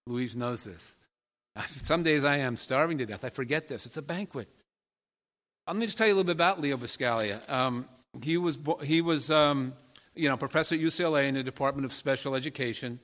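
A man's voice: mid-range voice, fairly quick, a bit bright. A male pastor gives a sermon from a church sanctuary, and his voice rings with a long echo through the big room. He talks in a loose, conversational way and keeps checking in with his listeners with friendly questions. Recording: long reverb of a large hall.

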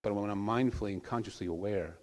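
Low-voiced man preaching in reverberant hall. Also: fast talker. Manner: conversational storytelling, with soft trailing asides. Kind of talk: informal sermon.

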